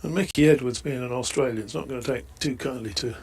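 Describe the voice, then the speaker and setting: Husky, gravelly male cricket summariser. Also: mid-range voice, quick pace, darkish tone. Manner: opinionated, conversational, asks rhetorical questions. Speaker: expert summariser. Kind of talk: chatty cricket commentary.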